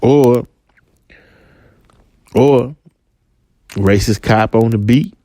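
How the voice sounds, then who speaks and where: A man's voice: medium pitch, drawn-out words, dark tone, no echo. A man ranting in a slangy storytelling monologue, restarting phrases often as a podcast host.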